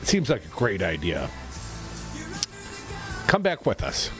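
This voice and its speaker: A man's voice: deep voice, slow pace, music in the background. A man from co-hosting a political talk radio show, reading news with sarcastic asides. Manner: sarcastic, animated, reads news items with quips.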